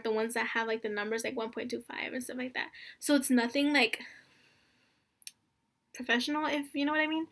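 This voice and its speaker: A woman's voice: a little high, a bit bright. A young woman telling a story in a casual vlog, rambling and earnest, full of "like" and "honestly" and near tears. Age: young adult. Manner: rambling, earnest, heavy use of fillers like "like" and "honestly"; emotional, close to tears. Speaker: vlogger.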